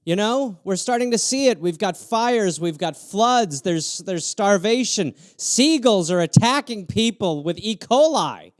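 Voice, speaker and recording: A man hosting a livestream, riffing on viewer prompts in an animated, sarcastic comic manner. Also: high voice, a little slow, hardly any pauses, no echo, studio quality. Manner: animated, sarcastic, jumps between mock voices and asides. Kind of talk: solo improvised comedy riff on a livestream.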